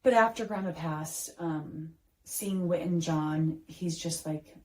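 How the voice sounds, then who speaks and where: Lower-voiced woman telling heartfelt stories. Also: slow, rough recording. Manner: heartfelt storytelling, many fillers and restarts. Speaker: podcast host. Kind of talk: casual chat.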